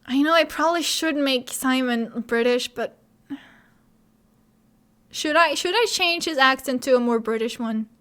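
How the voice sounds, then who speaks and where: A woman's voice: high voice, unhurried, a bit bright, clear, resonant tone. A young woman streamer chatting casually and jokingly, rambling between voiced lines. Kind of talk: casual commentary while dubbing a game.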